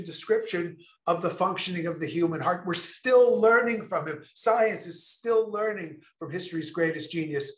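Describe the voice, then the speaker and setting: A man giving an enthusiastic online presentation, stressing key words slowly and deliberately. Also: high-pitched, reverberant.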